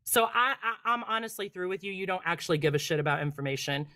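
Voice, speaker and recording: A woman's voice: on the low side, expressive, sharp tone, dry recording, clean studio sound. Profane, heated woman debating. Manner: profane, cutting, fast-escalating. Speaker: debate guest. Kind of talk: heated live-stream debate.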